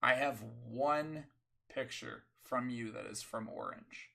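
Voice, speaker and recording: A man's voice: mid-range voice, slow, vocal fry, sharp tone. A young man hosting a casual chat, blunt and matter-of-fact. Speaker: host.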